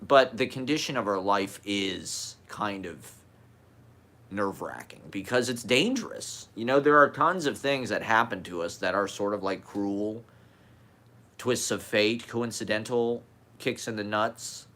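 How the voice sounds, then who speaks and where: Rambling low-voiced man with a slight lisp. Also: measured pace, sharp tone. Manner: candid, swearing, laughs often, trails off. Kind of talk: rambling personal monologue.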